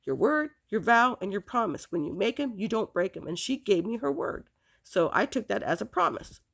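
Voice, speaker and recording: Woman with a gravelly voice, halting as she tells a painful story, lots of restarts, gets emotional. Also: mid-range voice, very animated, fairly bright tone. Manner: halting, full of restarts and "you know" fillers. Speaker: storyteller recounting her past. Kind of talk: casual spoken recollection.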